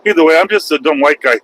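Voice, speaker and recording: A man's voice: fairly high pitch, fairly bright tone, low-quality recording. A man vlogging while driving his truck, rambling in a folksy, self-mocking way. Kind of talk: casual driving vlog. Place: truck cab on highway.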